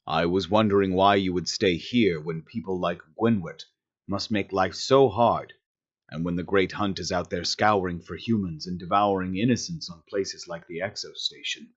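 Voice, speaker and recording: Guy doing a super low rumbly alien dude, polite and sorry about everything, kinda muffled audio. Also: steady tone, normal speed. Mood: earnest. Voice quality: deep rumbling voice. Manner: conciliatory and apologetic. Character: polite, soft-spoken male alien diplomat.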